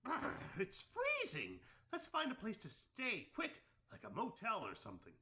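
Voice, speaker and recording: A man's voice: high-pitched, huge pitch swings, normal speed, pushed and bright, exaggerated voice. An actor playing a cocky, streetwise talking male rat companion in a video game, with a teasing, easygoing manner. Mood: cold, urgent.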